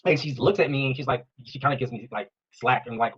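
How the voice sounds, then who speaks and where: A man's voice: medium pitch, fast, hardly any pauses, breathy edge. A father with an American accent telling a story about an incident at a park and acting out both sides of the conversation. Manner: storytelling, acts out the dialogue. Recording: dull, lo-fi clip.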